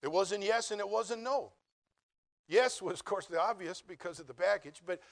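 Male pastor, middle-aged, from the US; folksy storyteller, lively and comic, pitch a touch high. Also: normal speed, gravelly. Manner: folksy, humorous, animated storytelling. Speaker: preacher and Bible college teacher. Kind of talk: storytelling sermon.

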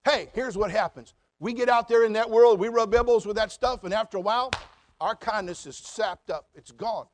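A middle-aged man preaching a sermon as pastor in a folksy, animated way, with asides and mocking voices. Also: high voice, normal speed.

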